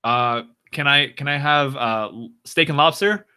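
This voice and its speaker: A man's voice: mid-range voice, a little slow, bright, forceful tone, smooth. A man quoting a stammering amazed drunk. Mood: confused. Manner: stammering, incredulous. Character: broke male drunk waking up rich, amazed.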